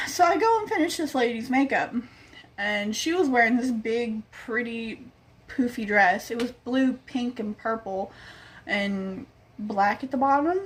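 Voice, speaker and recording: A woman's voice: fairly high pitch, unhurried. A young woman vlogger telling a casual story, chatty, acting out the quoted lines and swearing freely.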